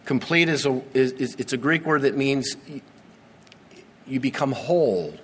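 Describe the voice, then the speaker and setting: A man in his forties preaching a sermon, earnest and repetitive, with dramatic slow pauses. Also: medium pitch, animated, slightly rough. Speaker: pastor. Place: church sanctuary. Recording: long reverb of a large church hall.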